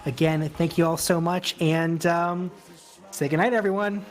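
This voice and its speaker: A man narrating a tabletop role-playing game as game master, in a slow, reflective way with lingering pauses between phrases. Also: on the high side, fairly even intonation, music in the background.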